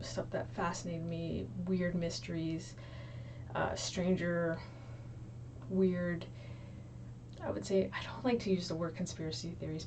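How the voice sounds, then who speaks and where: A woman's voice: lowish voice, darkish tone, slight background noise. Chatty woman on a distant mic. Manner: chatty, many ums and likes. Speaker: YouTube creator. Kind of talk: casual chat to camera. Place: small room. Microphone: low, distant mic. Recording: distant mic in small room.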